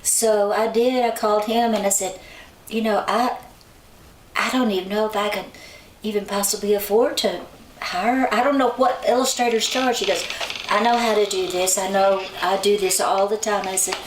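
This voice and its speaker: A woman tells her story in a chatty, relaxed way, slipping into lively voices whenever she quotes someone. She sits some way back from the mic in a roomy, echoing space, with a faint hiss underneath. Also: mid-range voice, moderate pace. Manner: chatty, acts out quoted people with lively shifts in voice. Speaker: songwriter and author guest. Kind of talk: casual storytelling in an interview. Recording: roomy sound from a distant mic, faint noise.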